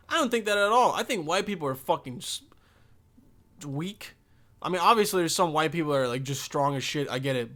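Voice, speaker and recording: A man's voice: a little high, a bit bright. A young man hosting a podcast, talking in a loose, rambling and profane monologue. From Bosnia. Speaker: podcast host.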